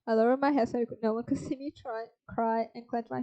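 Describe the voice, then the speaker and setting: Her voice on the high side and steady in tone, a young woman streamer reads a visual novel's text fairly quickly, with hardly any pauses. She cuts in with blunt, profane comments. Faint music plays under slightly dull stream audio.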